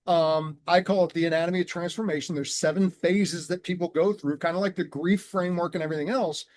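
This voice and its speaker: A man telling his story in an earnest, measured way and slowing down on key words, as a guest on a conversational show. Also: high voice, steady tone, darkish tone. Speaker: guest, transformation coach.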